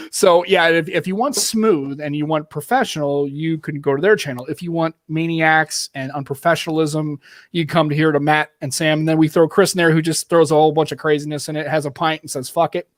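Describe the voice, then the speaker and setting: American male podcast host, casual and jokey, a bit high-pitched, close and dry. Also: normal speed, no echo. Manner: joking, rambling, swears freely.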